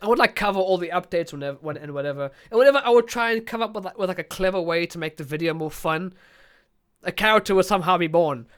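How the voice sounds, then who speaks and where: A man's voice: high-pitched, a bit bright, clear, resonant tone. A young South African man hosting a podcast, chatting in a jokey, rambling way. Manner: jokey, rambling, quick to laugh. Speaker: podcast host. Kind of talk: casual interview chat.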